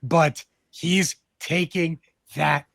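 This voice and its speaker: A man's voice: on the high side, steady tone, very slow, gravelly, fairly bright tone, no room sound. A man with a Texan accent hosting a comedy podcast, ranting emphatically with heavy profanity. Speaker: podcast host. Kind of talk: casual comedic political chat.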